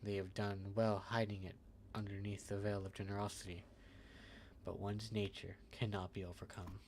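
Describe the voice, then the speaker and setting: A man's voice: on the low side, flat delivery, normal speed, a crowd in the background, lightly acted. A man voicing a cunning, patient old grandmother in a game, reading her lines with small restarts. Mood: knowing.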